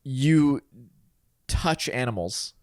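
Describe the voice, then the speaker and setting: A man's voice: mid-range voice, expressive, drawn-out words, darkish tone, clear, resonant tone, no echo, studio quality. A man co-hosting a podcast who steers the casual chat by posing hypothetical scenarios. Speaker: podcast co-host. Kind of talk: casual comedic debate chat.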